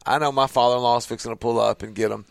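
A man's voice: mid-range voice, fairly even intonation, rapid-fire, gravelly, no room sound. A man, hosting a show and telling a family story casually, acting out the voices in his quotes. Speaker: podcast host.

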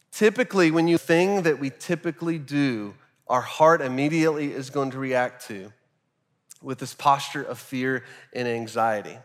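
A man in his thirties, a pastor giving a sermon, earnest and halting, often restarting his words. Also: medium pitch, in a large hall. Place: church sanctuary.

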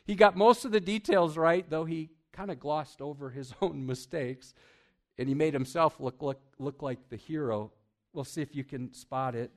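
Animated preaching man with a lightly raised pitch. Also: normal speed. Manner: animated, swings between loud emphasis and hushed asides; asks the congregation questions, chuckles often. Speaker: pastor. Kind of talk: sermon.

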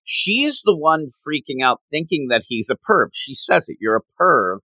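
Man, co-host, high-ish bright voice, bouncy delivery, dry close sound. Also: moderate pace, no room sound. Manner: animated, giggly, acts out quotes. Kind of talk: casual chat recapping a comic.

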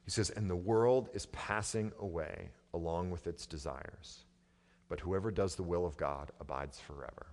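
A male pastor with a somewhat low voice preaching a conversational sermon. He drops quiet, then climbs to loud, emphatic stretches. The sound carries a long reverb from a church sanctuary. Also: moderate pace.

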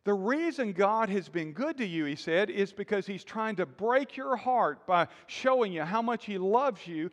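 A man preaching a sermon in a lively call-and-response style, with sudden loud bursts. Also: high voice, normal speed, hardly any pauses. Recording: long hall reverb.

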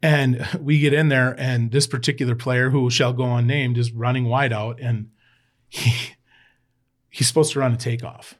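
Male guest recounting old sports days: loose, rambling, animated storyteller with mid-range pitch. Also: normal speed. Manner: rambling, animated, swears freely. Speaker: podcast guest, former college football player. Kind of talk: casual storytelling chat.

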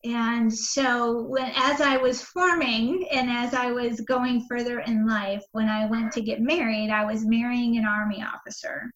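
A woman with a somewhat high voice tells a personal story in a candid, wandering way. She often pauses on fillers and restarts her sentences. The recording sounds dull and lo-fi. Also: steady tone, fairly bright tone, roomy sound. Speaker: interview guest.

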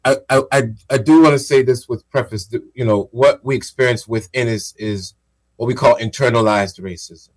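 A man co-hosting a radio talk show, explaining ideas in a measured, casual way. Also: medium pitch. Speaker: radio co-host.

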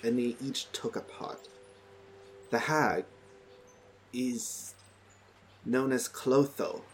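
A man's voice: medium pitch, drawn-out words. A man narrating a tabletop game as game master, in a casual, easygoing way. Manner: casual, playing townsfolk in his own voice.

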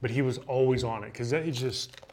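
Brief: young male ballplayer, mid-pitch voice, lively storyteller who laughs as he goes. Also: brisk, slight background noise. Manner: animated, laughing anecdote teller. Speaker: baseball pitcher, guest. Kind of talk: casual storytelling in an interview.

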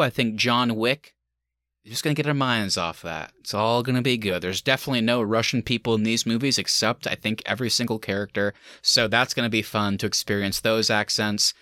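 A man's voice: medium pitch, lively intonation, a little fast, pushed and bright, no echo, clean studio sound. A man co-hosting a movie review podcast in casual chat, with sarcastic mock speeches and frequent laughter. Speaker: podcast co-host.

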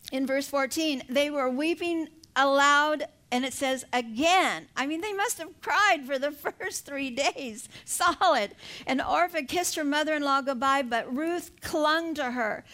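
Preaching in a light, high voice, an older woman recounts the story with animated energy and occasional laughter. Every point comes with an emphatic appeal to her audience.

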